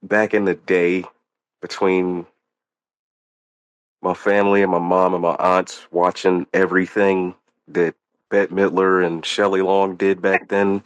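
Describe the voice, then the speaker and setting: A man's voice: low-pitched, little pitch movement, a little slow, no echo, dull audio. A man co-hosting a casual movie commentary, laid-back and profane in his banter. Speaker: podcast co-host.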